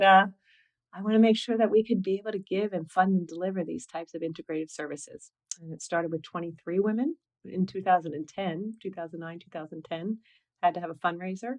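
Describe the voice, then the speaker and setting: A middle-aged woman, founder of a nonprofit, speaking in an earnest, animated way with many "you know"s in a conversational interview. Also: on the low side, a little fast, rough recording.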